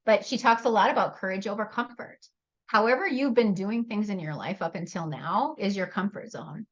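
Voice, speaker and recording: A woman's voice: mid-range voice, animated, normal speed, muffled recording. A woman hosting a leadership workshop, talking animatedly, laughing often and speaking to attendees by name. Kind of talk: live workshop talk.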